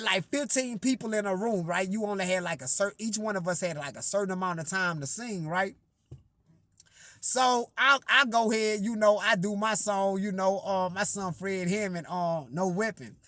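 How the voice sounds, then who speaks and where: A man's voice: high voice, a bit bright, no echo, studio quality. A man telling a story in a casual monologue, profane and rambling with lots of fillers and repeated words.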